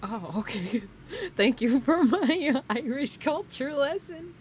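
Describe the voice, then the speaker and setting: An American woman streamer chatting casually, animated and quick to laugh. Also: sits high, slight background noise.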